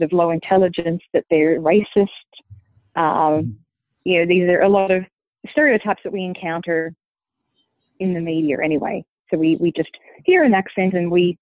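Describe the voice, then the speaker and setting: Australian-accented woman guest, explanatory and measured, tinny call audio. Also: fairly low pitch, no room sound. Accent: Australian, softened. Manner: measured, explanatory, thinks aloud. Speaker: linguist guest. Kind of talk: conversational interview answer. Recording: dry tinny phone-like line.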